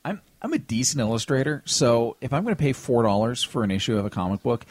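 A man's voice: mid-range voice, very animated, fast, dry recording. A man co-hosting a casual podcast, ranting bluntly and swearing freely. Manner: blunt, profane rants. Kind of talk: casual chat.

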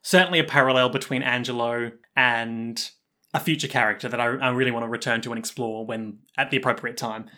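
A man's voice: mid-range voice, fairly even intonation, a little fast, pushed and bright. A young man co-hosting a casual podcast, animatedly recapping an anime and acting out the characters' lines. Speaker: podcast co-host.

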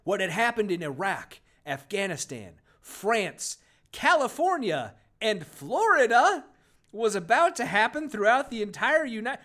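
Animated sarcastic man, bouncy pitch. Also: unhurried. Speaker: podcast co-host reviewing a book. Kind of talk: casual comedic chat with read-aloud passages.

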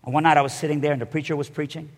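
A man's voice: fairly high pitch, fairly even intonation, rapid-fire, long reverb tail. A man preaching a sermon, telling his story with animation and acting out the voices of the people in it.

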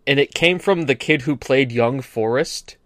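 A man's voice: medium pitch, measured pace, a bit bright, no echo, studio quality. A man from America co-hosting a podcast, chatting casually and joking, stumbling over his words at times. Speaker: podcast co-host. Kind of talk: casual chat.

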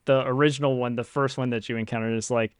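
A man narrating a tabletop game as game master, in a relaxed, halting way with fillers. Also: mid-range voice, clear, resonant tone, dry recording, studio quality.

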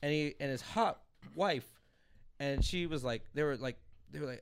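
A Los Angeles comedian in his thirties hosts a podcast, telling a rambling story with animated energy and laughing as he goes. His pitch is fairly high and his pace quick, in the style of a casual storytelling chat.

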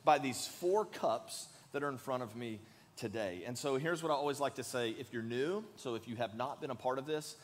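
A man preaching a sermon as pastor in a church, earnest and emphatic, leading the congregation in saying lines together. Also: medium pitch. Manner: earnest, emphatic, leads the congregation in call-and-response. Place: large church sanctuary. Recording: long hall reverb.

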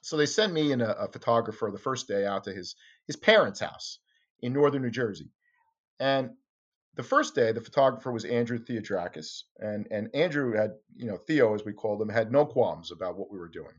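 A man in conversation, recounting a story with lively energy and throwing his voice up high whenever he quotes someone. His audio sounds a bit dull and lo-fi, like a remote call. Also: a little fast, husky. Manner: animated, acts out quotes with sharp jumps in pitch. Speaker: interview guest, former tabloid reporter.

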